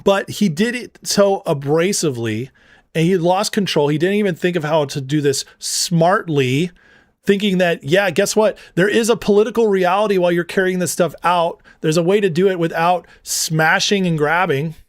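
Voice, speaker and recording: A man's voice: high-pitched, moderate pace, dry recording, clean studio sound. A man hosting a political commentary show, ranting with heated scorn and slipping into storytelling asides. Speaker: show host.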